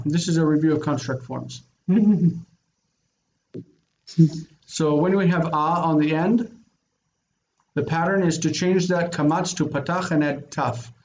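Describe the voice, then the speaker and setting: A man teaching a Biblical Hebrew grammar lesson, explaining patiently and slowing down to spell out word forms. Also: fairly high pitch, darkish tone, lo-fi sound.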